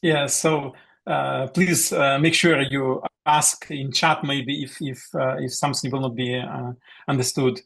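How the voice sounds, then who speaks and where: A middle-aged man from Ukraine with a Ukrainian accent, speaking haltingly over a video call as a guest theologian. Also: medium pitch, steady tone, creaky, fairly bright tone, breathy edge. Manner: halting, searching for words. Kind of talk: online meeting talk.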